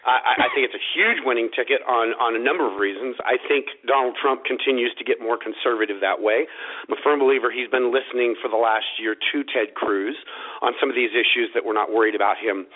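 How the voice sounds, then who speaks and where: A man's voice: medium pitch, fast talker. A man on talk radio giving firm opinions, often stammering on his first words. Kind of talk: casual political talk radio. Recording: narrow phone-like radio sound.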